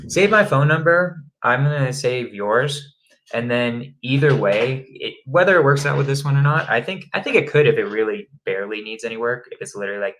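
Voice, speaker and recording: A man's voice: mid-range voice, a bit bright, rough recording. A man coaching real estate wholesaling in a rambling, chatty way, often laughing at himself. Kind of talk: casual live-stream teaching.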